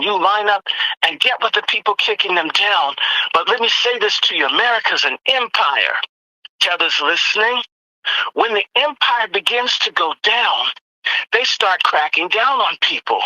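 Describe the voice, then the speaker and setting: Heated american woman on a panel, super bright sharp voice, dry sound, acts out who said what. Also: medium pitch, dry recording, low-quality recording. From United States. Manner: animated, acts out quoted exchanges. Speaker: roundtable panelist. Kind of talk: impassioned commentary.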